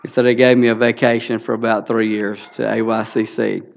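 A man's voice: on the low side, flat delivery, fairly quick, gravelly, highs cut off. A man in his sixties with a Southern US accent, telling a folksy church testimony with many fillers. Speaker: guest speaker.

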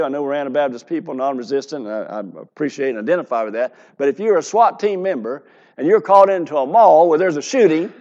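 A man's voice: a little high, a little mellow, highs cut off. A man preaching a sermon, reading scripture aloud with rising emphasis. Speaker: pastor.

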